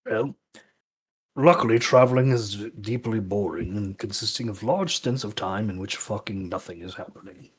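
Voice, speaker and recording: A man's voice: fairly low pitch, normal speed, slightly rough. A man playing in a tabletop game, offhand and swearing casually. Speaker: player.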